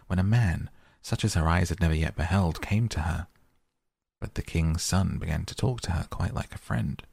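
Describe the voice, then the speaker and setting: A man reads old fairy tales aloud at a steady, measured pace. His voice is very deep and husky, with a gravelly fry, recorded close and dry. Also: no echo. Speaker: narrator. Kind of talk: fairy tale audiobook reading.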